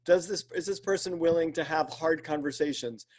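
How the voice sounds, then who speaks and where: A man's voice: a little high, normal speed, a little mellow. A man, a leadership coach and podcast guest, explains his work earnestly and step by step, often restarting sentences. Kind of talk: explanatory interview talk.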